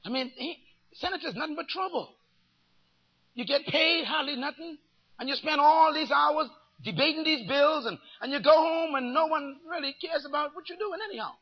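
A man preaching a sermon with dramatic swings from shouts to near-whispers and many rhetorical questions. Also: very high voice, moderate pace. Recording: dull lo-fi recording.

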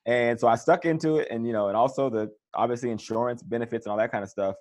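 Talking fast with hardly any pauses, a man of medium pitch casually tells the story of his pro football career in an interview. He's relaxed but animated, putting on voices for everyone he quotes.

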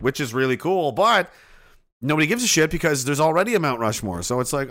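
A man chats casually on a livestream, reading comments aloud. His delivery is sarcastic and profane, and it wanders from point to point. His pitch rises and falls with lively swings. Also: fast talker. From Canada. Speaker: streamer reading chat.

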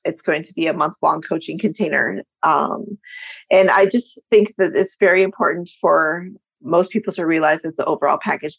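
A woman's voice: low-pitched, gravelly, breathy edge, no echo, rough recording. A woman life coach talking frankly and bluntly as a guest in a casual chat.

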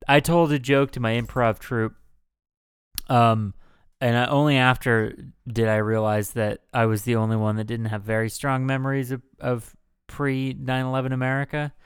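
A young man talks on a podcast in a smooth, clear voice recorded close and dry. He swears a lot and jumps from loud, excited rants to low, mumbled asides. His pitch sits in the middle of the male range. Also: moderate pace, no room sound. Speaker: podcast co-host. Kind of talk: casual comedy podcast chat.

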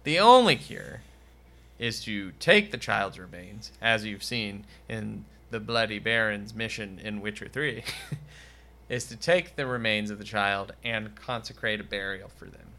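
A man with a very bright, cutting voice co-hosts a casual podcast. He tells stories in loose banter and keeps slipping into loud, high, mocking put-on voices for comic effect. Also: a little slow. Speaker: podcast co-host.

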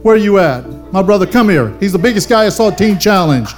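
A man's voice: sits high, animated, fast talker, faint music behind. An older man, a pastor, preaching a fervent sermon and calling on the congregation for amens. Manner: fervent preaching with call-and-response.

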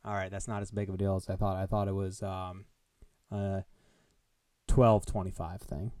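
A man hosts his solo comedy podcast, rambling from one bit to the next in a joking, mock-grandiose tone. His voice sounds smooth and clear. The recording is close and dry, with no room sound. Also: low-pitched, little pitch movement, normal speed, warm tone, dry recording. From American Midwest. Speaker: podcast host. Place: Des Moines. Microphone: headphones on, home podcast mic.

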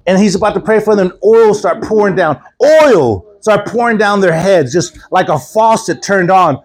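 A man preaching a sermon at a church service, telling stories with animated quoted voices and chuckles. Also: high voice, normal speed. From Houston, Texas. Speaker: guest preacher.

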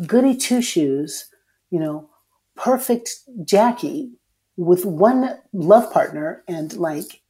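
A woman guest speaks candidly in an interview, in a mid-range voice. She is plain-spoken and curses now and then, and her delivery swings between hushed and loud. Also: medium pitch, animated, slow pace. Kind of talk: candid personal storytelling.

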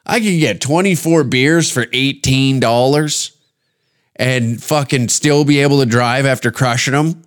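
A man's voice: mid-range voice, unhurried. A man from Canada hosting a podcast, ranting in a crude, rambling comedic way and slipping into put-on voices. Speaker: podcast host. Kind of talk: casual comedic rant.

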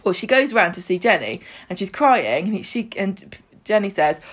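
A woman's voice: mid-range voice, very animated, moderate pace, hardly any pauses. A woman, co-hosting a podcast and chattily retelling soap scenes with quoted lines. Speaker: podcast co-host. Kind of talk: casual chat, recapping a soap.

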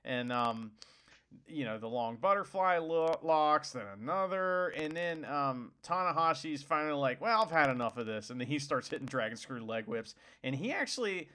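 Excitable man chatting on a podcast. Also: fairly high pitch, moderate pace. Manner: excitable, swears, laughs often. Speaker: podcast co-host. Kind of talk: casual wrestling podcast chat.

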